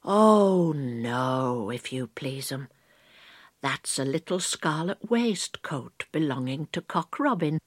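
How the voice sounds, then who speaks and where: A small bustling hedgehog washerwoman chatters politely and eagerly, as a woman reading a storybook puts her on. The voice swoops lively up and down at an unhurried pace, a little breathy and close, in a dry room. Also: deep voice, no echo, heavily acted. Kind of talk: storybook read-aloud.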